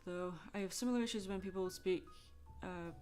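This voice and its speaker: A Scottish woman chatting frankly with soft laughs while drawing on a livestream. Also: mid-range voice, brisk, smooth, faint music behind. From Scotland. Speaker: livestreaming artist.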